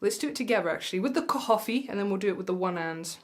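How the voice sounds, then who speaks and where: A woman's voice: mid-range voice, animated. Patient woman tutor counting beats. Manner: patient, reassuring, counts aloud slowly. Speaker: music tutor. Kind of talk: mandolin lesson. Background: mandolin playing.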